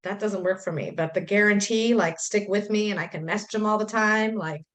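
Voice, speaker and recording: A woman's voice: medium pitch, fairly quick. Talkative woman on a video call. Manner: talkative, animated, quotes herself and others. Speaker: coaching student sharing her story. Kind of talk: emotional, chatty testimonial.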